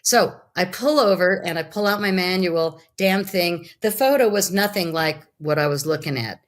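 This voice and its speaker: A middle-aged woman, a guest, telling a personal story in a lively, animated way and acting out her own quotes. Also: on the low side, normal speed. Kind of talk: casual storytelling.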